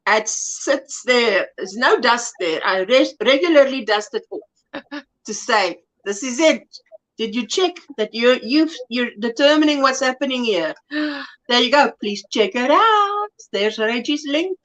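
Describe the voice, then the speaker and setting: A woman's voice: a little high, animated, a little slow, a bit bright. A South African woman hosting a casual livestream chat, reading viewer comments aloud and laughing often. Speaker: livestream host.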